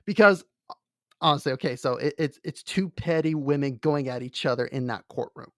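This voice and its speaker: Man, casual podcast chat, rambling with fillers, higher pitch, dry close sound. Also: moderate pace, fairly bright tone, dry recording. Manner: rambling, many fillers and restarts. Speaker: podcast co-host.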